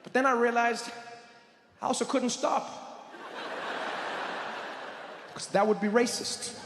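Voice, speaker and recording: A man performing stand-up comedy, animated and telling a story while acting out characters and voices. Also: very high-pitched, slow. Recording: echoey hall, noisy room.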